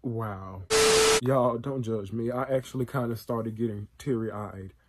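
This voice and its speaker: A man hosting a reaction video, talking in a casual, excitable and emotional way with plenty of slang. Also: mid-range voice, measured pace, very noisy.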